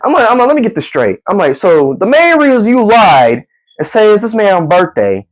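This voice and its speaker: Young male storyteller, animated and slangy, pitch all over the place. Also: normal speed, poor audio. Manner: animated, laughing, slangy, acts out friends with gasps. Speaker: comedic storyteller. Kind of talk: casual comedic storytelling.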